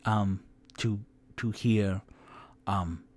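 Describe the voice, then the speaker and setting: A man's voice: lowish voice, fairly even intonation, extremely slow, darkish tone. A man voicing an eager, bespectacled male half-orc in a tabletop game, curious and easily flustered. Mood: courteous. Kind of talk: tabletop role-play voice.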